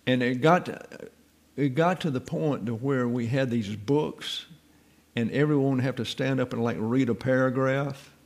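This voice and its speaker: A man teaches the Bible in a relaxed, folksy way, mixing in wry stories from his own life. His voice is gravelly and sits at an ordinary mid pitch. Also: normal speed. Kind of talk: informal Bible teaching with personal anecdotes.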